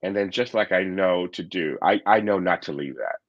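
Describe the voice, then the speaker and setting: Deep-voiced man musing, dull dry call audio. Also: normal speed, no room sound. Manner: candid, thoughtful, frequent fillers and restarts. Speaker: podcast host and coach. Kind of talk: reflective conversational chat. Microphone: remote call microphone.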